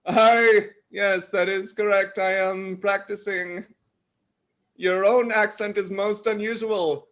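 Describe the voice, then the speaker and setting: Stilted alien newcomer, painfully formal and literal, voiced by a woman, steady middling pitch. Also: slow pace, natural voice. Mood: earnest. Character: stiff formal alien posing as a human newcomer. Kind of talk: comedy sketch rehearsal on a video call.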